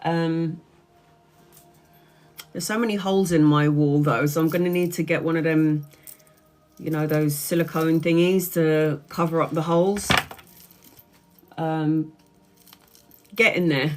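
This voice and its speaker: A woman's voice: low voice, fairly even intonation, a little slow, long pauses, darkish tone, faint music behind. A woman, congested and bunged up, chatting in a rambling way on a home live stream as a tarot reader and answering viewers' comments. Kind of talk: casual live-stream chat.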